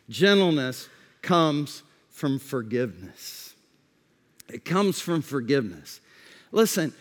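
Slow high-voiced preacher in an echoing hall. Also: male voice. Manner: emphatic preaching, repeats key phrases, drops to quiet for weight. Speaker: pastor. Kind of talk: sermon. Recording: long reverb of a large hall.

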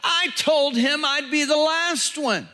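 A preacher doing a boastful, emphatic disciple. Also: male voice, fairly high pitch, sing-song, slow pace, bright, forceful tone, long reverb tail, exaggerated voice. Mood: anguished. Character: boastful loyal male disciple, later ashamed.

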